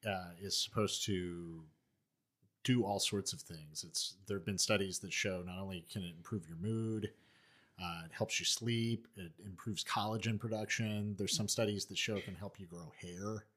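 A man's voice: low voice, steady tone, moderate pace, a bit bright. A man co-hosting a casual podcast, dry and laid-back. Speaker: podcast co-host.

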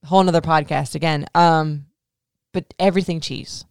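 Woman in her thirties, host of a casual Q&A podcast. Low, smooth voice, candid and emotional, swears freely. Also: fairly even intonation, moderate pace, darkish tone, no room sound, clean studio sound. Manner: frank, profane, heavy use of "like". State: emotional, near tears. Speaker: podcast host answering listener questions.

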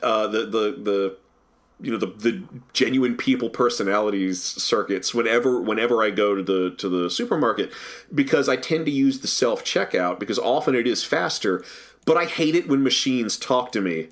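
A man co-hosting a podcast, talking in an enthusiastic, animated way and often repeating words as he starts a thought. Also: lowish voice, moderate pace. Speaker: podcast co-host. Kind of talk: casual discussion.

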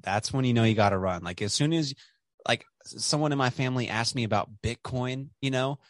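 A man's voice: mid-range voice, brisk, no echo. Rambling casual man on a dry mic. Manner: rambling, many fillers and restarts; swears casually. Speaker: podcast host. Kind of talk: casual conversation.

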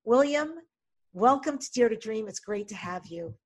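A woman hosting an interview show, upbeat and quick to laugh. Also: fairly high pitch, animated, husky. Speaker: podcast host.

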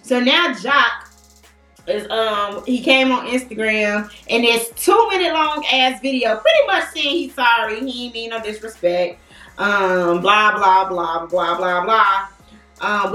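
A woman hosting a casual celebrity gossip chat, talking in an animated, slangy and playful way. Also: a little high. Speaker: podcast host. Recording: echoey room, far from the mic.

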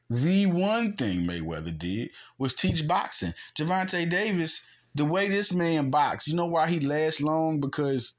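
A man hosting a podcast, talking in a heated, argumentative sports monologue and mimicking punches with sound effects. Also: medium pitch. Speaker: podcast host. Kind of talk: animated sports commentary monologue.

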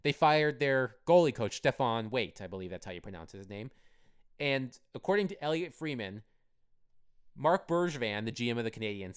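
A man's voice: medium pitch, animated, normal speed, smooth. A man co-hosting a casual sports podcast, talking loosely and hesitantly with many fillers. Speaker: podcast co-host, hockey writer.

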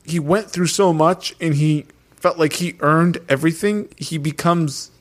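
Eager man, a bit higher voice. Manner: enthusiastic, quick to praise films. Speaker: podcast co-host. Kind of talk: casual movie-ranking chat.

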